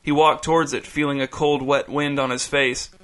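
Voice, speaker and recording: A man narrating a story in a measured, even audiobook style. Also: medium pitch, clean tone.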